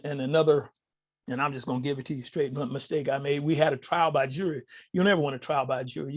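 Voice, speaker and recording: A man on a podcast as a guest, telling his own stories casually and animatedly, often speaking straight to the listeners. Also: on the high side. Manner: animated, addresses listeners directly. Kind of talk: casual storytelling to an audience.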